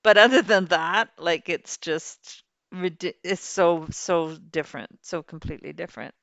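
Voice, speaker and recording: A woman's voice: fairly low pitch, a little slow, creaky, a bit bright, no room sound. A woman hosting a game livestream, chatting and rambling cheerfully while she plays. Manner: chatty, rambling, laughs easily. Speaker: livestream host. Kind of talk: casual chat while playing a farming game.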